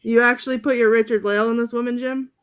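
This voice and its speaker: A woman's voice: on the high side, steady tone, fast talker, clear, resonant tone. A woman co-hosting a casual film chat, reading movie quotes aloud and laughing between them. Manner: reads quotes with light laughter. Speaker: podcast co-host.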